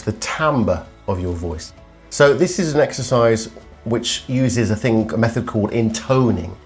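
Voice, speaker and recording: A man's voice: fairly low pitch, expressive, a little slow, faint music behind. A middle-aged male voice coach teaching vocal exercises, demonstrating hums and sung tones as he explains. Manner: demonstrative, hums and sings examples.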